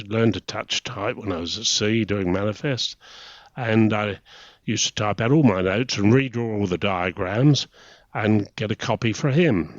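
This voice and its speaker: A man's voice: fairly low pitch, dry recording. A man in his eighties from England, a retired naval officer telling chatty anecdotes in an interview, often chuckling. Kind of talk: casual reminiscing interview. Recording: dry, slightly dull recording.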